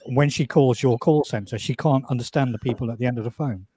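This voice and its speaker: A man's voice: medium pitch, quick pace, warm tone, slight background noise. A man from England telling a story in casual live stream chat, dry and matter-of-fact.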